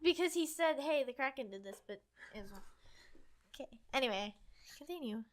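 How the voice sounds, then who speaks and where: A woman's voice: high voice, lively intonation, brisk, a little hiss or hum. A young woman co-hosting a casual chat, reading passages aloud and insisting on getting through them. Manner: chatty, lots of "like", insistent when reading. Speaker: co-host.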